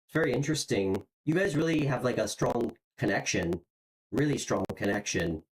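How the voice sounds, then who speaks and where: Giving a casual, encouraging reading on a live stream, a tarot reader sounds animated, with a medium pitch and moderate pace. The speech is filled with "um," "like," and repeated words as the reader searches for what comes next. Audio quality is poor.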